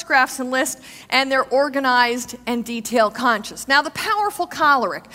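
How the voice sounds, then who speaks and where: Lively female presenter with a high, bouncy voice, quizzing a live audience in a big echoing hall. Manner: animated, asks the audience questions and acts out quotes. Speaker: seminar speaker. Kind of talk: live seminar talk to an audience. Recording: long hall reverb.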